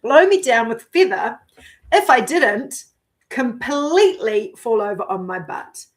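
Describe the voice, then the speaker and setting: Telling a story from her own life on her vlog, a middle-aged woman is animated and casual, giggling and cursing now and then while playing out what she was thinking. She speaks a bit high and a touch slowly.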